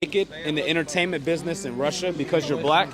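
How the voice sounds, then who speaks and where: Brief: man, high voice, fast casual interviewer, noisy street crowd. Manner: quick, casual questions. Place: outdoors on a city street. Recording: street crowd noise behind.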